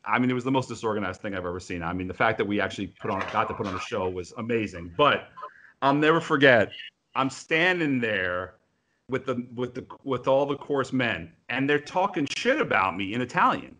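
A man, an opera singer co-hosting a casual video-call chat, telling stories in an animated way with swearing and acted-out quotes. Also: medium pitch, brisk. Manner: animated, profane storyteller who acts out quotes.

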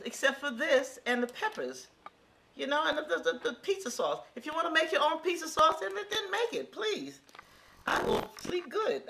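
A fairly high, somewhat bright voice belongs to a home cook in her sixties. In a casual demonstration from her kitchen, she walks viewers through a recipe, chatting to them directly with folksy exclamations.

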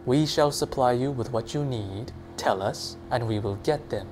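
A man voicing a calm but threatening male ruler who coaxes and commands. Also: medium pitch, normal speed, over music, lightly acted. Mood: menacing. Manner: smooth, coaxing, then bellowing.

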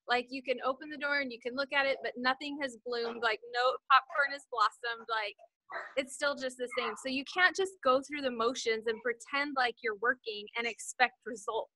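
A woman sharing takeaways on a team call, bubbly and excited, laughing often. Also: high-pitched, moderate pace, dry recording, poor audio. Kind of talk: casual video call chat.

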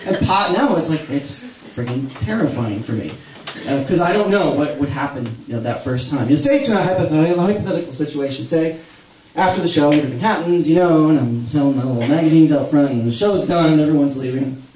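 A man's voice: on the high side, expressive, brisk, darkish tone. Late-30s man, live spoken word, rambling self-mocking delivery, distant mic in an echoey room with a crowd. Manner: rambling, self-deprecating storytelling with audience laughs. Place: small live venue with audience. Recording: roomy live recording from far off, crowd noise. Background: audience laughter.

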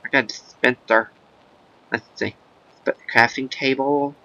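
Man in a gravelly goofy voice. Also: medium pitch, fairly even intonation, moderate pace, pushed and bright, lo-fi sound. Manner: rambling, silly, sing-song chanting. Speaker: game commentator. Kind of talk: casual let's-play commentary.

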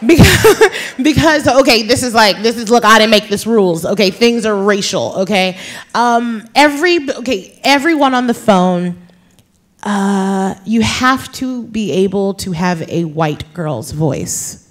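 A woman's voice: medium pitch, expressive, a little slow. Chatty laughing woman telling a story. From New York. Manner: chatty, laughing, lots of "like" and "you guys". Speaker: author guest. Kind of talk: storytelling conversation on stage. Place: live author event before an audience.

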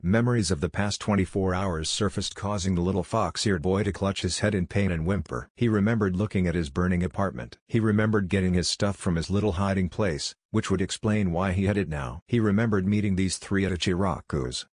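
A man narrating a fan fiction story in a steady, even reading voice. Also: low voice, a little fast, hardly any pauses, breathy edge, no echo, studio quality.

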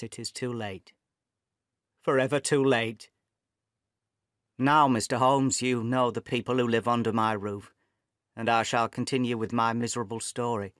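A man reading a classic detective story aloud as an audiobook for English learners, in a measured, clear storytelling manner. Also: medium pitch, a bit bright, no echo, clean studio sound. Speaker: audiobook narrator. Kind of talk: scripted narration for English learners.

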